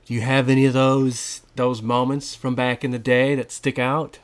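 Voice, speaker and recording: A man's voice: medium pitch, flat delivery, moderate pace. A man hosting a casual podcast chat, laid-back, laughing along and prompting his guest with questions. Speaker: podcast host.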